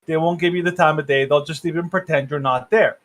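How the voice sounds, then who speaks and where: A man co-hosting a podcast over a video call, talking politics in a halting, opinionated way. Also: fairly high pitch, steady tone, fairly bright tone. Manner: halting, many fillers and restarts, opinionated. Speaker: podcast co-host. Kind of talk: casual political discussion.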